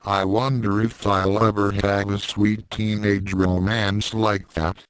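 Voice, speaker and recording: Brash, flirty female demon read by a man, low slow delivery. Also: flat delivery, smooth, no echo, rough recording. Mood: playful.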